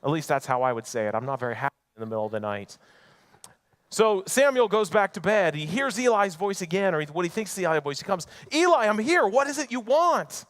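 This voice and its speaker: In a church sanctuary, a pastor with a slightly high voice preaches fast and animatedly, telling a Bible story conversationally. He acts out the characters' lines and tosses in conversational asides.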